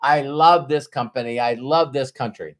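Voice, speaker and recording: A confident salesman with a Middle Eastern accent, as a man puts him on, talking in short, halting sentences of broken English. His voice sits lower than the performer's usual talk, calm and plainly pleased with himself. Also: natural voice. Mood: proud. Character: cheerful successful male salesman, broken English.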